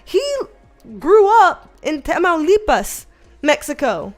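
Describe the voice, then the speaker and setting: High-voiced chatty Southern woman. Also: a little slow, faint music behind. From American South. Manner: animated, swearing, laughing storyteller. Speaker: livestream host. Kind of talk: casual livestream chat.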